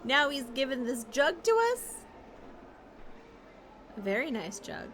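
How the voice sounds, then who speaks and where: A woman's voice: high-pitched, expressive, measured pace, fairly bright tone, slight background noise. A young woman casually chatting as she streams a video game, playful and talkative. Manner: chatty, playful, talks to chat and pets. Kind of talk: casual gameplay commentary.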